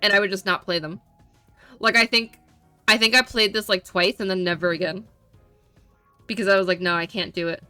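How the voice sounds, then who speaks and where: Young female streamer, bright and crisp, dry close mic; chatty, rambly, repeats herself; soft music underneath. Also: mid-range voice, fairly even intonation, brisk, long pauses, dry recording. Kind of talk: casual chat with viewers.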